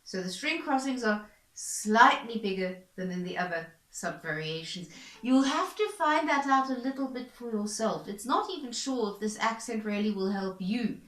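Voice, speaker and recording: A woman's voice: a little high, animated, moderate pace, a bit bright, roomy sound, low-quality recording. A woman violin teacher patiently explaining bowing practice, repeating points and encouraging the student. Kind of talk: instructional explanation.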